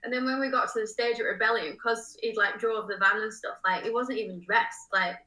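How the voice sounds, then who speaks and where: A woman's voice: on the high side, steady tone, a little fast, bright, forceful tone. A young woman, chatting casually as an interview guest, saying "like" a lot and giggling. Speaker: guest musician. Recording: roomy room from a distant mic.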